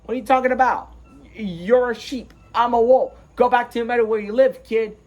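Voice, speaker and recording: A man voicing a gruff, bored adult male wolf who brushes others off with lazy scorn. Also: very high-pitched, fairly even intonation, moderate pace, a little mellow, highs cut off. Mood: dismissive.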